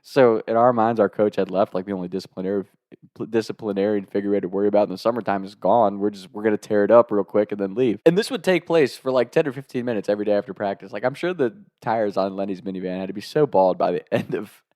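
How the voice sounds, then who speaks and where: A man's voice: on the low side, fast, dark tone, no echo, studio quality. A young man telling a casual, comic anecdote, laughing often through his own story and swearing freely.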